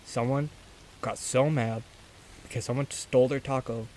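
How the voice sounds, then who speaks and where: A man's voice: steady tone, normal speed, darkish tone. A young man co-hosting a casual podcast, goofy and playful with lots of jokes. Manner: goofy and playful, jumps between high and low. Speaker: podcast co-host.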